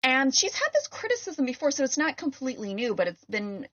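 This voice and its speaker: A woman's voice: high-pitched, very animated, fairly quick, a bit bright. A woman from California co-hosting a podcast in casual chat, explaining things with lots of "like" and "um". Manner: chatty, explains with many "like"s and "um"s. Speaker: podcast co-host. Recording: lo-fi podcast recording.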